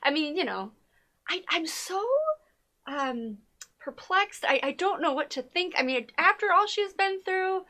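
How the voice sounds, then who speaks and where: Young woman gushing over a tv episode, high voice, acts out every line. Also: a little slow. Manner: animated retelling, acting out characters' lines; says "y'all". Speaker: co-host of a TV recap show. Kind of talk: casual chat.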